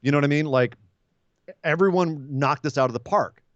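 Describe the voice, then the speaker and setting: A man co-hosting a casual wrestling podcast, talking fast and acting out scenes with funny voices. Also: fairly high pitch, no echo, muffled recording. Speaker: podcast co-host.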